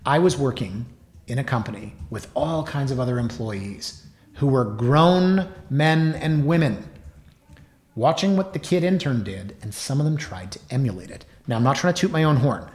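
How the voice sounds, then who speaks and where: A man in his forties hosting a talk show, telling stories with sarcastic asides and lively emphasis. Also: medium pitch, normal speed, echoey room. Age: 40s. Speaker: host. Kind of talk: casual monologue.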